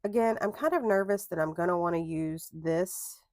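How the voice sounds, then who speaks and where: A woman's voice: lowish voice, normal speed, no echo, studio quality. A young adult woman chatting casually at a home craft desk, rambling into tangents and correcting herself as she goes. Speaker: planner vlogger. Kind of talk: casual chat while crafting.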